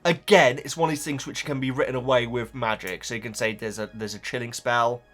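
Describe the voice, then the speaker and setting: A man's voice: medium pitch, fairly even intonation, fairly quick, fairly bright tone, faint music behind. A man chatting casually as a YouTuber, reading viewer comments with rambling, stammered restarts. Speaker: YouTuber reacting to book comments.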